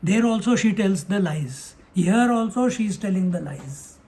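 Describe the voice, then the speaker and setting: A man's voice: high-pitched, lively intonation, measured pace, a little mellow. A man giving a spiritual discourse on scripture, acting out the dialogue with a chuckle and chanting verses. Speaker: spiritual teacher.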